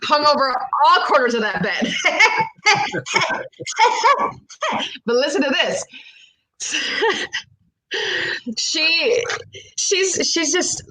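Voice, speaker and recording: A woman's voice: high voice, lively intonation, slow pace, long pauses, bright, forceful tone, rough recording. A woman telling a true personal story on stage, frank and profane, laughing as she goes and switching between English and Spanish.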